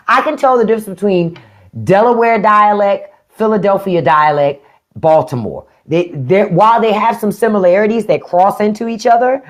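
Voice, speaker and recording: A middle-aged woman with a DC-area accent, hosting a casual live stream and talking bluntly with plenty of swearing. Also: medium pitch. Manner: blunt, profane, animated. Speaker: podcast host. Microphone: phone or desk mic on a live stream.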